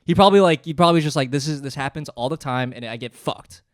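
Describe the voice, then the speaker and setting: A man co-hosting a comedy podcast, relaxed and quick to laugh and agree. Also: a little high, no room sound, studio quality. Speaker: podcast co-host. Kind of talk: casual comedic chat.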